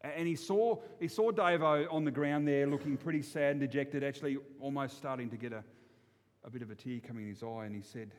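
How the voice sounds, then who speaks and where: A man's voice: mid-range voice, fast. Folksy Australian man telling a fable. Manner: folksy and rambling, many restarts. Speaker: storyteller. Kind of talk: told fable. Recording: long hall reverb.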